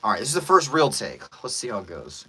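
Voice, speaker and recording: Voice actor guy chatting about dubbing, bright voice, pitch all over the place. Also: huge pitch swings, fast talker, slight background noise. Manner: chatty, asks viewers for feedback. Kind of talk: casual chat explaining dubbing.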